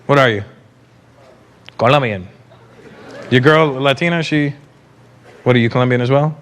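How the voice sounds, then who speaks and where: A man doing live stand-up comedy on stage, teasing the audience in an animated way. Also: medium pitch, moderate pace, slight background noise. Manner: animated, teasing crowd work.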